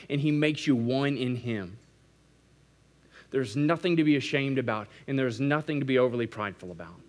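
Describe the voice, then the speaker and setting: A male pastor preaching a sermon, moving between quiet intimate passages and loud emphatic climaxes, with repetitive preaching cadence. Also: mid-range voice, normal speed.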